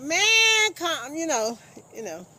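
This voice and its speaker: A woman's voice: high-pitched, very animated, takes it slowly, pushed and bright, a little hiss or hum. A woman hosting a casual live stream, chatting with viewers, teasing and laughing often.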